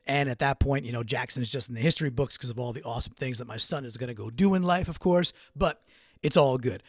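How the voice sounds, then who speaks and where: A man's voice: medium pitch, fast, dry recording, studio quality. A man hosting a solo sports recap podcast, talking in a casual, rambling way with restarts. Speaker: podcast host.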